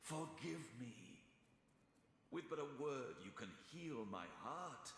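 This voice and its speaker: A man's voice: fairly high pitch, expressive, takes it slowly, fairly bright tone, slight background noise, full character voice. An actor playing a grieving ghostly man who begs his murdered wife to forgive him, in a theatrical, mournful voice. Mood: mournful pleading. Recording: game audio with long echoing reverb.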